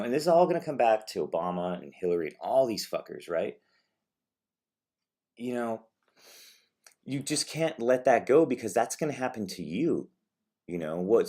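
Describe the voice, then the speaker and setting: Low-voiced man, sarcastic political vlogger, swears often, rambles, mocks others. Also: darkish tone. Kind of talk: casual ranting commentary.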